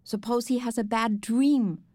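A woman's voice: a little high, steady tone, measured pace, warm tone, no room sound, lightly acted. A woman voicing a cheeky, stubborn little boy who teases in a singsong voice.

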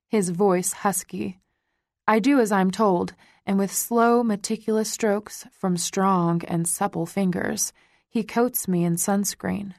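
Slow, gravelly woman narrating. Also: mid-range voice, steady tone, darkish tone, no room sound, clean studio sound. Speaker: audiobook narrator. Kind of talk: first-person romance narration.

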